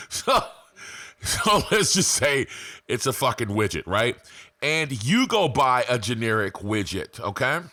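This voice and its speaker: Low, bright-voiced man teaching casually. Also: no room sound. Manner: profane, conversational, laughs often, checks in with "right?" and "okay?". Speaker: online business course host. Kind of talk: casual screen-share tutorial. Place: home, abroad.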